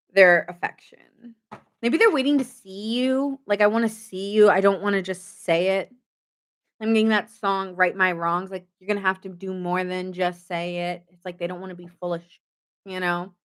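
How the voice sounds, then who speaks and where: A woman's voice: lowish voice, normal speed, fairly bright tone, clean tone. Goofy, chatty woman tarot reader. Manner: goofy and chatty, jokes and giggles often. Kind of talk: casual late-night tarot reading.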